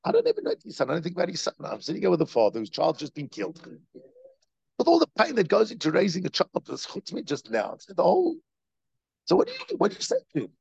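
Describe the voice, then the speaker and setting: Brief: male rabbi lecturing, husky, lively pitch, dry slightly muffled sound. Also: fast talker, dry recording. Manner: animated, repetitive storytelling with rhetorical questions. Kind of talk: Torah lecture.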